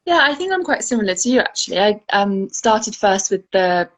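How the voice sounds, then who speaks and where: A woman from Guernsey, an author talking in a relaxed interview, thoughtful and chatty with frequent fillers. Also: medium pitch, normal speed, poor audio. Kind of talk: casual conversational interview.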